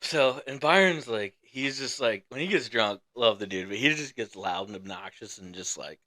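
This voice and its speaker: A man's voice: medium pitch, moderate pace, bright, forceful tone. A young man in his twenties, a podcast co-host, telling a long casual story, laid-back and profane, laughing as he goes.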